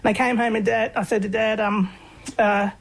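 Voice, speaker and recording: An Australian woman, a guest researcher, telling personal stories in a relaxed, chatty way with lots of fillers. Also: on the high side, normal speed, gravelly, low-quality recording. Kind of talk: conversational storytelling.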